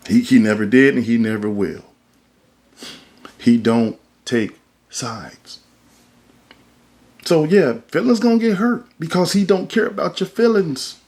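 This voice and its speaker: A man at mid pitch holds forth on a podcast in a loose, colloquial monologue. He talks like a preacher, pressing his points with emphasis while keeping the tone of everyday speech. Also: a little slow, pauses often, a little mellow. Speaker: podcast host.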